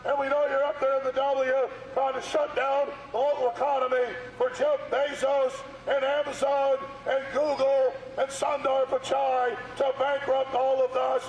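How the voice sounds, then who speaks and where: A man shouting accusations at a street protest outdoors, recorded from a distance. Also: very high voice, monotone, moderate pace, few pauses, reverberant, faint music behind.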